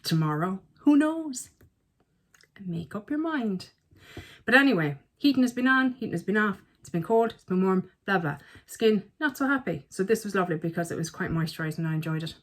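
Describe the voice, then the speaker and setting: A woman's voice: medium pitch, expressive, a little fast. A woman, chatting casually as a beauty vlogger, full of self-mocking asides. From Ireland. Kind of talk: casual chat.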